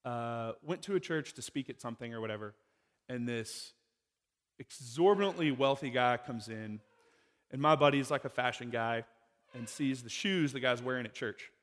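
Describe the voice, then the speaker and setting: A man's voice: mid-range voice, normal speed, fairly bright tone, big-room sound. A man preaching a sermon in a conversational way, asking the congregation rhetorical questions and acting out the people in the story. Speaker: pastor.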